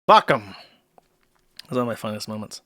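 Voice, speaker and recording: A man's voice: lowish voice, expressive, fairly bright tone, no room sound, clean studio sound. A man hosting a livestream in a casual chat style, reading out donation messages in an offhand, sardonic way. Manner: offhand and sardonic, with quick laughs. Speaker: host.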